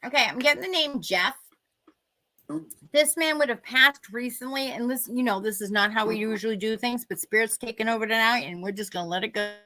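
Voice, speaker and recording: Bright-voiced woman with a Boston accent. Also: on the high side, fairly quick. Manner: chatty, jokey, guiding meditation. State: sleep-deprived, extra energy. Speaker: psychic medium. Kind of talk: live-stream reading, casual chat.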